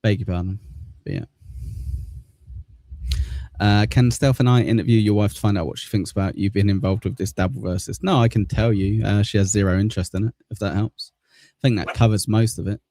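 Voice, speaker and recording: Gravelly southern English man, laid-back. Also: on the low side, steady tone, a little fast, dark tone. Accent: southern English, near Cockney. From southern England. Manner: rambling, laid-back, swears casually. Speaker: livestream host. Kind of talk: casual chat reading viewer comments.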